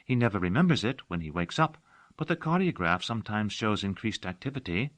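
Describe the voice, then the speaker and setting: A man's voice: lowish voice, expressive, brisk, fairly bright tone, dry recording, voice pushed up. A man voicing a devoted young undergirl, earnest and doting. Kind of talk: audiobook character voice.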